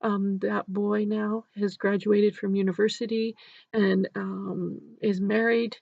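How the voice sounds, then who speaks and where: Gentle husky-voiced woman telling a story. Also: mid-range voice, little pitch movement, slow, no room sound. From Canada. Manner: gentle, often drops to a hushed near-whisper. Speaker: nurse and grief educator. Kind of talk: storytelling a case study. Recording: dry, dull lo-fi recording.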